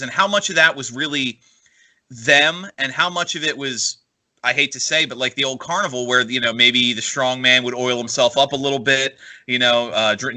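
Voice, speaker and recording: A man's voice: mid-range voice, sharp tone. A man hosting a podcast, asking questions in a loose, conversational way. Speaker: podcast host. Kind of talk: interview questions.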